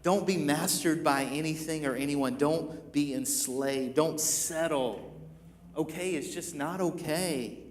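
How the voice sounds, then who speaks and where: A man in his thirties delivers an emphatic sermon, circling back over his phrases and restarting them to drive points home. His voice sits on the higher side for a man. The sound rings with long reverb from a large hall. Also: takes it slowly, a little hiss or hum. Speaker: pastor.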